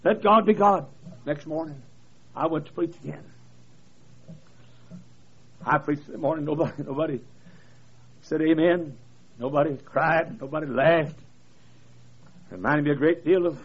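A man preaching a revival sermon in a high, gravelly, husky voice that climbs into impassioned cries. He tells his stories over a church PA. The recording sounds dull and lo-fi. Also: unhurried, long pauses. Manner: storytelling preacher, rising to impassioned shouted cries. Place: church service. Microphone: PA microphone.

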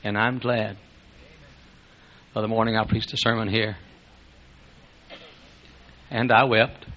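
An older man preaching a sermon, telling folksy stories, chuckling often and rising to loud exclamations. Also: fairly low pitch, flat delivery, slow. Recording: dull lo-fi sermon recording.

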